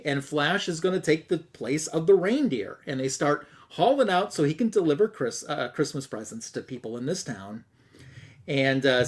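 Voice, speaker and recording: Guy on a podcast going through an old holiday comic, kinda higher voice, chatty and amused, tosses in little quoted bits. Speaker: podcast host. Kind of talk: casual retelling of a comic story.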